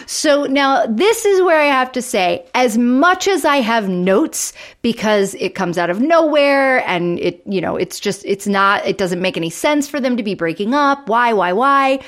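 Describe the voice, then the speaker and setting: A woman's voice: on the high side, lively intonation, measured pace, few pauses. A woman co-hosting a podcast, animatedly retelling a TV episode in casual chat, full of "like". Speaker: podcast co-host.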